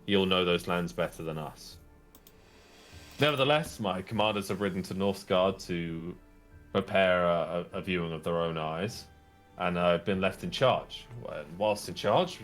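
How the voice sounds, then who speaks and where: A man with a low voice narrates a tabletop role-playing game as game master, talking loosely and restarting his phrases. Faint music plays in the background. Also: unhurried, a bit bright. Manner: casual, rambling narration with restarts.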